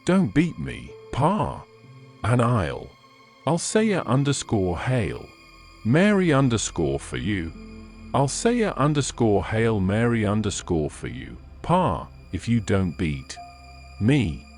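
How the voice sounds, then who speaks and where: A man voicing a frightened little boy who pleads with his father in a shaky, high voice. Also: wildly swooping pitch, slow pace, a little mellow, faint music behind, heavily acted. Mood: terrified.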